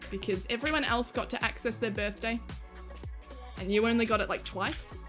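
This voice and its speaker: A woman's voice: a little high, normal speed, over music. A woman livestreamer chatting casually with her viewers, laughing often, swearing now and then and reading chat aloud.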